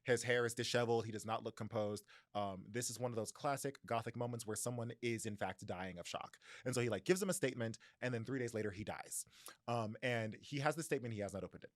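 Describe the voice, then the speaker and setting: A young American man co-hosting a book podcast, animated and laughing often as he retells the plot. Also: mid-range voice, quick pace, no room sound, clean studio sound. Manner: animated, laughs often, acts out characters loosely in his own voice. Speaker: podcast co-host. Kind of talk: casual book discussion.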